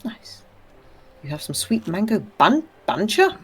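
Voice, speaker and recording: A woman's voice: mid-range voice, big pitch swings, unhurried, slightly rough. A woman co-hosting a live game stream, chatting and reading viewer comments aloud. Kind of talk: casual chat on a live stream.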